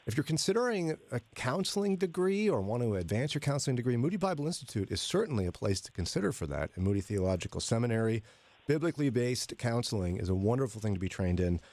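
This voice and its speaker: A man's voice: medium pitch, big pitch swings, quick pace, a little mellow. A man hosting a morning radio show in a studio, chatty and joking with his co-hosts. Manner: chatty, jokey, laughs often. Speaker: radio host.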